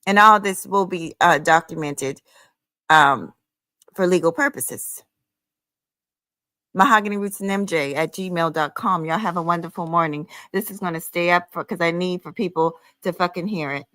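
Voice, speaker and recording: A woman's voice: on the low side, moderate pace, bright, forceful tone, dry recording. A woman hosting her own livestream, ranting heatedly in a sassy, profane, scolding way, calling listeners honey and child. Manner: emphatic, with frequent "honey" and "child". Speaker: livestream host.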